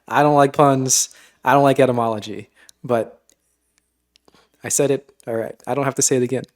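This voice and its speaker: A man with a mid-pitched voice, talking casually as a live streamer over a clip. He jokes about what he hears, sounding mock-exasperated. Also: fairly even intonation, normal speed.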